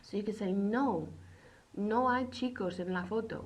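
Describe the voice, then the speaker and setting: In a low-quality recording of a beginner Spanish lesson, a woman with a mid-range voice repeats words slowly. She keeps checking in with "okay."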